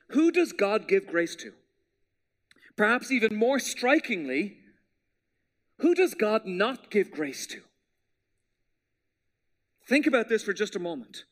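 A man preaching a sermon as pastor, in a conversational style that drops to hushed tones for scripture. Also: high voice.

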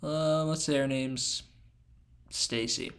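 A man co-hosting a casual podcast, telling a story in an animated way and acting out the other people's voices. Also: medium pitch, slow pace, vocal fry, smooth. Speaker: podcast co-host.

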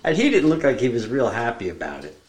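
A man's voice: mid-range voice, huge pitch swings, fast. A man co-hosting a podcast in casual chat, jumping in with comments and jokes. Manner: chatty, jumps in with comments and jokes. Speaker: podcast co-host. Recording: roomy echo.

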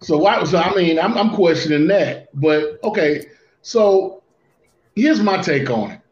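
A man co-hosting a casual wrestling talk show, speaking deliberately and often restarting his phrases. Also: high-pitched, animated, a little mellow. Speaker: podcast co-host. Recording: roomy, dull lo-fi sound.

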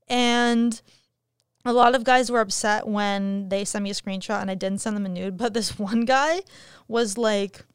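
A woman's voice: medium pitch, steady tone, a little slow, clear, resonant tone, no room sound, clean studio sound. A young adult woman hosting her own podcast in frank, profane, jokey casual chat. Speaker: podcast host.

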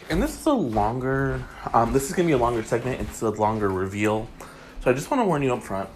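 A man's voice: mid-range voice, slight background noise. A man hosting a casual gossip podcast, talking in a chatty way with frequent ums and reading items aloud. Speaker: podcast host.

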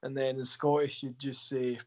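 A male hockey coach chatting as a podcast guest, mid-pitched and easygoing. He answers questions loosely and turns them into self-deprecating jokes. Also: level tone, normal speed, darkish tone. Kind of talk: casual podcast interview.

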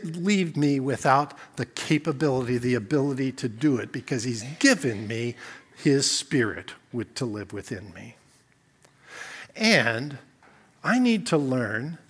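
Delivering a sermon, this pastor has a husky, mid-range voice. His preaching moves between hushed reflection and forceful, repeated lines.

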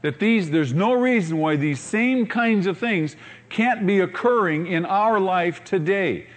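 A man delivers a sermon in a fairly high voice. He tells the story with energy and acts out the characters' lines. He keeps drawing the congregation in with rhetorical questions. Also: expressive, unhurried. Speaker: pastor.

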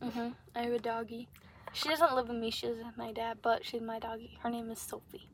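Chatty young woman, high voice. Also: level tone, a little fast, a little hiss or hum. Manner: chatty storyteller, laughs often. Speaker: podcast co-host. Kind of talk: casual chat.

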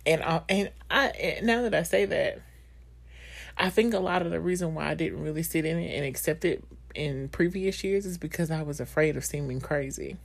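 A woman's voice: low voice, moderate pace, gravelly. A woman in her thirties hosting a podcast, speaking candidly and emotionally in a personal monologue full of fillers and laughter. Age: 30s. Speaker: podcast host.

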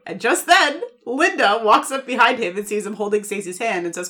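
A woman's voice: medium pitch, animated, quick pace, few pauses, sharp tone. A woman co-hosting a podcast, chatting casually and retelling sitcom scenes, acting out the characters' lines as she goes. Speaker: podcast co-host. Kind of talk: casual recap chat.

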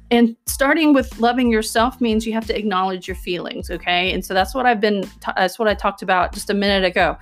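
A woman hosting a self-help podcast, talking earnestly and coaching her listeners, often checking in with "okay?" and "right?". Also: medium pitch. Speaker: podcast host.

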